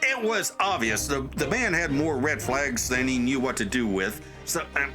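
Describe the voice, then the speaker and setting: A man's voice: medium pitch, animated, normal speed. Man doing an older monster puppet, wry. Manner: wry, rambling asides. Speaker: let's play host. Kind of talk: gameplay commentary. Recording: gameplay commentary with game music behind. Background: game music.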